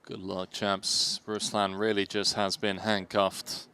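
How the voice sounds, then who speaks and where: A man commentating a live poker tournament in a chatty, amused way, quick to react to what happens at the table. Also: fairly low pitch, level tone, a crowd in the background.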